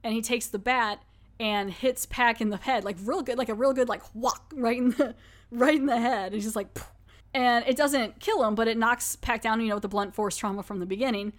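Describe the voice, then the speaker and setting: A woman's voice: fairly high pitch, fairly even intonation, a little fast. Chatty woman podcast host recapping. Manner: rambling, chatty, laughs often. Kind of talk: casual episode recap.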